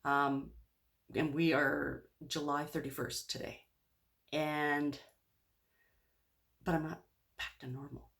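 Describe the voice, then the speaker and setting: A woman's voice: deep voice, level tone, takes it slowly, creaky, pauses often, a bit bright. A woman speaking candidly in a personal video diary, open and rambling with lots of fillers. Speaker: vlogger.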